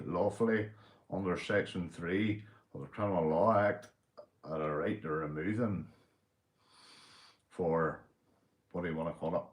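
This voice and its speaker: A man's voice: medium pitch, reverberant. Northern Irish man, rowdy livestream chatter. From Northern Ireland. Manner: swears freely, greets viewers; lively, loud shout-outs with laughs. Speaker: livestream host. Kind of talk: casual livestream chat. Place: indoors at home, drinking.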